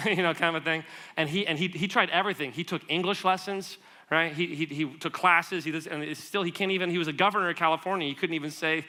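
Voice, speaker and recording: Bright-voiced man preaching conversationally. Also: on the high side. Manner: animated storytelling with quick asides and laughs; conversational, asks the audience questions. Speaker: guest speaker. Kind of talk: sermon.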